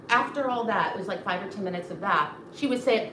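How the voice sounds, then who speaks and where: A woman hosting a casual chat at home while cooking, telling a story in a lively way, filled with "like" and acted-out quotes. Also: mid-range voice, quick pace. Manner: animated, acts out quotes, many fillers. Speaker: host. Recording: roomy, distant mic, background noise.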